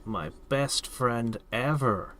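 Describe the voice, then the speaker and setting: A man's voice: mid-range voice, lively intonation, slow pace, a bit bright, faint music behind. A man casually thinking aloud as he plays a strategy game, reacting to each turn. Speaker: gameplay streamer. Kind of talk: casual let's-play commentary.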